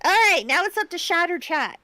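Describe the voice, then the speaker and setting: A woman's voice: extremely high pitch, lively intonation, a little fast, a crowd in the background. A woman joining a casual gaming stream over a headset, teasing and giggly. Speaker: co-player in a group stream. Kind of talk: casual group gaming chat.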